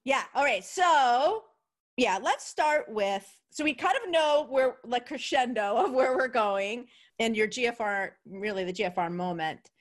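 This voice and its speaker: Chatty new york lady hosting her podcast, a bit high voiced, laughs a lot. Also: lively intonation, measured pace. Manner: bubbly, chatty, laughs often. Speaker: podcast host. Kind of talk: casual interview chat.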